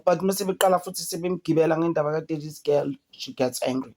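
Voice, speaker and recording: A woman with a South African accent giving casual commentary as an entertainment vlogger. She talks in an animated way and mixes English with Zulu. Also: low voice, fast, hardly any pauses. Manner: chatty, switches between English and Zulu; animated, mimics people in a raised voice.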